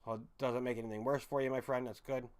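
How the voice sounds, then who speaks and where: A man's voice: mid-range voice, little pitch movement, quick pace, darkish tone, clean tone. Rambling, profane livestream host man. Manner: rambling, swearing, self-correcting. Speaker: livestream host chatting with viewers. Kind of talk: casual live-chat rambling.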